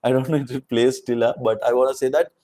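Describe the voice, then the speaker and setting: A man's voice: mid-range voice, steady tone, fast talker, warm tone, low-quality recording. Chatty Indian man reviewing a show. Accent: Indian English. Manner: chatty, opinionated, mixes in Hindi words. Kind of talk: casual video commentary.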